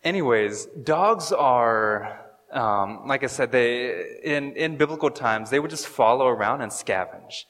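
Long hall reverb surrounds a pastor whose casual sermon mixes jokes with stumbles, fillers, and restarts as he works through scripture. He has an animated, medium-pitched, slightly bright voice and a measured pace.

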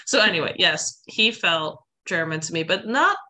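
A woman co-hosting a casual film podcast, relaxed and laughing between thoughts. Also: fairly low pitch, a little slow. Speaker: podcast co-host.

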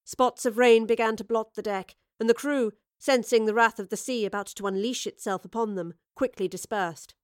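A woman reading a story aloud as narrator, steady and expressive. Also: on the high side, normal speed, few pauses, smooth, dry recording, studio quality. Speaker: audiobook narrator. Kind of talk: scripted narration.

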